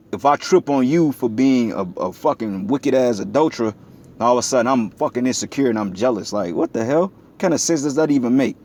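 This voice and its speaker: A man's voice: medium pitch, darkish tone. Blunt, profane man preaching. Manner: profane, blunt street talk, gets heated. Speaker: religious video commentator. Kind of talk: preaching commentary.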